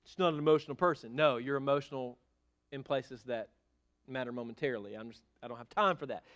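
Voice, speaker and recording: A middle-aged man preaching a sermon as pastor in a church, animated and emphatic, with sudden loud bursts. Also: medium pitch, fast, dull audio. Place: church sanctuary.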